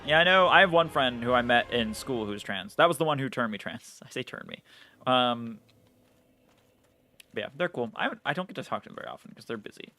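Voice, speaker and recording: A man's voice: medium pitch, expressive, fairly quick, bright, forceful tone, soft background music. A man streaming a game live, chatting casually in a rambling way, swearing and laughing at himself. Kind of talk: casual live-stream chat while gaming.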